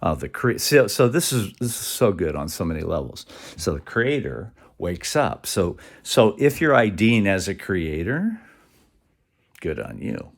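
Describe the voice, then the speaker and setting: A man talking in a rambling, animated monologue, acting out quoted voices and dropping now and then to a whisper. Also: sits low, measured pace, vocal fry.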